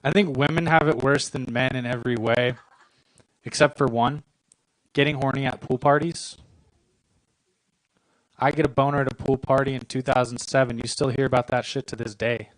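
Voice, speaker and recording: A dry-voiced stand-up comedian in his twenties performs a set on a comedy club stage, deadpan and self-deprecating with brief punchlines. His mid-range voice moves at a moderate pace with frequent pauses, and the dry recording has poor audio.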